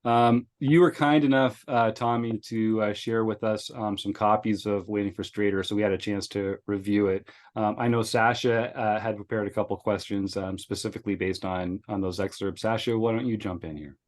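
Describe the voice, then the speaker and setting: A man's voice: on the low side, fairly even intonation, moderate pace, few pauses. A man hosting a podcast, chatting in a friendly, affirming way and reading out viewer questions. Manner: friendly, affirming, lots of mm-hmms. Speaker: podcast host. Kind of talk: casual podcast chat.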